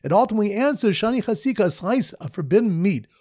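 A man teaching a Talmud lesson through mnemonic stories, in a lively storytelling manner with sing-song emphasis on repeated phrases. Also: high-pitched, fast, no room sound, clean studio sound.

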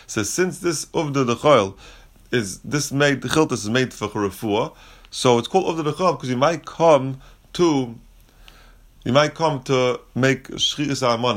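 A man teaching a Talmud passage, reading Aramaic phrases and explaining them in relaxed, conversational English. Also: mid-range voice.

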